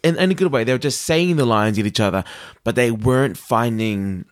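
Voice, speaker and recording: A man from New Zealand with a Kiwi accent, co-hosting a podcast in casual chat, animated, laughing often and repeating words as he thinks. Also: mid-range voice, fairly quick. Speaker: podcast co-host.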